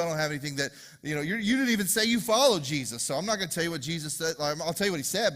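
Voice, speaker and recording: A man's voice: on the high side, a bit bright. Chatty male preacher in a reverberant hall. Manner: conversational, joking storytelling with audience asides. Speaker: pastor. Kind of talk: sermon. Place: church sanctuary.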